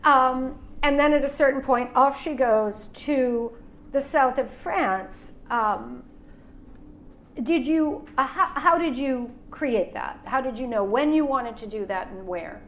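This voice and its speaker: Higher-voiced woman hosting an interview. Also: takes it slowly, a little hiss or hum. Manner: musing, winding questions. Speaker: host and interviewer. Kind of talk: casual interview.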